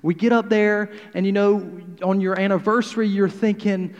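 A man's voice: sits high, flat delivery, normal speed. Pastor in his thirties, reverberant hall. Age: 30s. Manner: conversational and humorous, swings between loud and quiet. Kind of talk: sermon.

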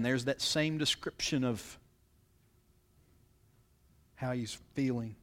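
Speaking slowly with frequent pauses, this pastor reads from scripture and explains it, regularly putting rhetorical questions to the congregation. His voice is medium in pitch with fairly even intonation. It's an expository sermon.

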